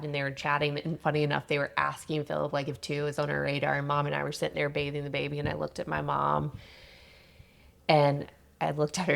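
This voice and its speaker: A woman in her thirties tells her own story as a podcast guest. Her voice sits low with a gravelly fry, and she talks candidly and with animation. She laughs easily between sentences. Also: fairly bright tone. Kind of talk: personal storytelling in casual chat.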